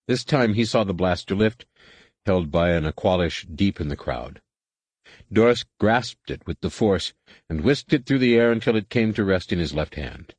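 Low-voiced male audiobook narrator. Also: no room sound. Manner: measured, steady reading. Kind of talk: scripted narration.

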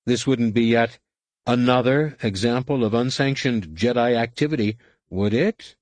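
A man's voice: mid-range voice, moderate pace, darkish tone, no echo, natural voice. A man voicing a scheming male alien politician who speaks in a condescending, clipped and threatening way. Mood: smug, cold.

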